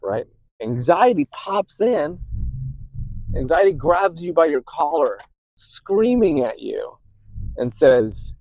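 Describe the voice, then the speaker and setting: Speaking slowly and pausing often, this man has a voice on the high side and a very animated delivery, with no room sound in the recording. He works as a therapist and hosts a podcast where he explains ideas conversationally, checking in with "right?" a lot. Describing intuition makes him grow quieter and softer.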